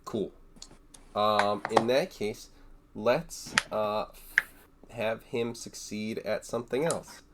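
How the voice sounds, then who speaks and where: A man's voice: lowish voice, slow pace, long pauses, very noisy. A man playing a tabletop game, hesitant, thinking aloud over his options. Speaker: player. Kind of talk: casual tabletop play.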